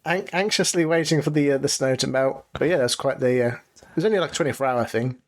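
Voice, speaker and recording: A man's voice: mid-range voice, quick pace. A man from England co-hosting a podcast in casual chat, laid-back and self-deprecating. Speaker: podcast co-host.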